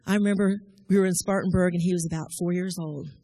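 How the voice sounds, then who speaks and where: A woman's voice: fairly low pitch, fairly even intonation, fast talker, mellow, no echo. A middle-aged woman, giving a sermon in a folksy, storytelling way. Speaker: church speaker.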